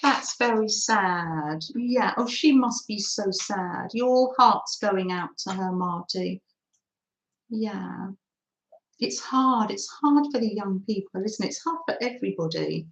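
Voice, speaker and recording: A woman's voice: medium pitch, slow pace, roomy sound. A woman hosting a craft livestream, chatting casually and giggling as she reads out viewer comments on her phone. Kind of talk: casual live chat with viewers.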